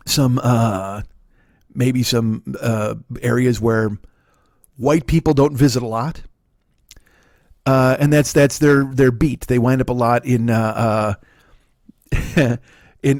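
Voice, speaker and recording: In a clean studio recording with no echo, a middle-aged Chicago man hosts a comedy podcast. His medium-pitched, slightly mellow voice carries a rambling, profane storytelling monologue thick with fillers.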